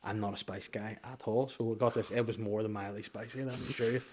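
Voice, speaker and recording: A man's voice: on the low side, fairly even intonation, fast talker, darkish tone. A young adult man, an actor, chatting casually on a podcast with a joking, rambling manner and frequent restarts. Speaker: actor guest.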